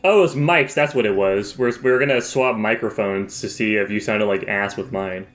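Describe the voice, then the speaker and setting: A man's voice: lowish voice, moderate pace, a bit bright. A young man co-hosting a podcast in casual chat, blunt and dismissive in tone. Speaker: podcast co-host. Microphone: podcast microphone.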